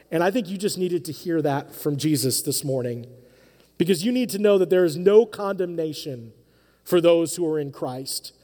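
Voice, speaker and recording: Pastor, male, high mellow voice, earnest conversational preaching, long church reverb. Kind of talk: sermon. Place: church sanctuary.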